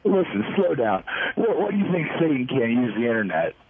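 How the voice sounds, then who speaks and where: A male caller with a Southern American accent, talking in a laid-back, deadpan drawl. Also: medium pitch, fairly quick, slight background noise. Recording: tinny phone line.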